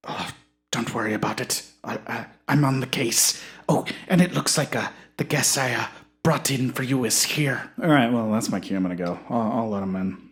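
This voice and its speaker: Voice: mid-range voice, normal speed. A co-host giving dry, understated remarks in comedy podcast banter.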